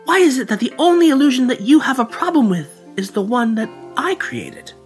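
A man voicing a calm, reproachful female fox spirit in a told ghost story. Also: very high-pitched, brisk, soft background music, voice pushed up.

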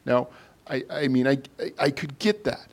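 A man's voice: mid-range voice, expressive, moderate pace, creaky. A man preaching a casual sermon to a congregation, talking in a loose, conversational way full of fillers and restarts.

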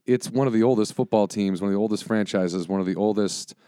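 Low-voiced man, rambling profane storyteller. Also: fast, dark tone, smooth, dry recording, clean studio sound. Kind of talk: casual chat.

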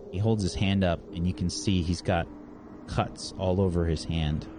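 A man's voice: sits low, steady tone, moderate pace, background noise. A man narrating a tabletop game as game master, in a loose, hedging way.

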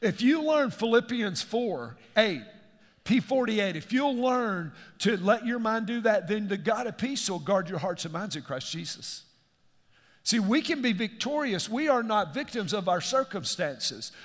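A middle-aged man preaches a sermon in a fairly high voice. He keeps asking his congregation questions as he speaks. His voice rings out with the long reverb of a large church hall. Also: sing-song, a little slow. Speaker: pastor.

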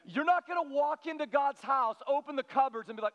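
A middle-aged pastor with a notably high voice delivers a conversational sermon. He keeps drawing the congregation in with prompts to answer back. His words ring out with a long reverb tail, as in a large church hall. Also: fast talker, fairly bright tone. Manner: conversational preaching, calls for congregation responses.

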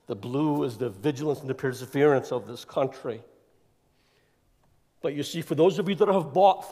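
Guest speaker, male, mid pitch, emphatic and rambling, church hall reverb. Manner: energetic, emphatic, rambling with fillers. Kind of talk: informal church address. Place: church sanctuary. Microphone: clip-on mic that keeps slipping.

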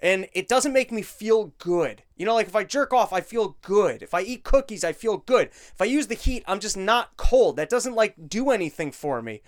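A man's voice: sits high, expressive. A young man hosting his own show, ranting casually with sarcasm and profanity. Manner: profane, sarcastic, fast-talking. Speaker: podcast host. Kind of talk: casual political rant.

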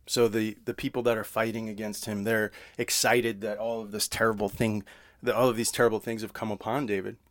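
A man preaching a sermon. He reads scripture slowly, then explains it in casual words with frequent "right?" asides. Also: on the low side, little pitch movement, dry recording. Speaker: pastor.

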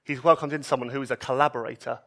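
A man preaching a sermon, expressive, moving between emphatic raised passages and soft, low ones. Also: very fast.

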